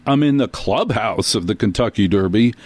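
Lower-voiced talk show host spinning a yarn. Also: male voice, normal speed. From New Jersey. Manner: rambling, self-deprecating, with animated asides. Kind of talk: storytelling monologue.

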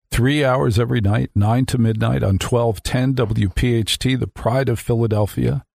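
A man's voice: mid-range voice, gravelly, darkish tone, no room sound. A man hosting a nightly radio talk show, talking into a studio microphone with sarcastic, mock-outraged asides.

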